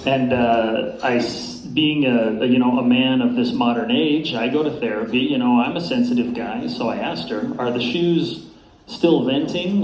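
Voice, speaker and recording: A man works through an open mic stand-up set in a dry, unhurried way, often pausing on "uh". His voice sits at a middling pitch and rings around a roomy venue, with faint ambience underneath. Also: a little hiss or hum. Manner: dry, unhurried delivery with frequent "uh" fillers. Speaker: stand-up comedian. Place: comedy venue with a live room.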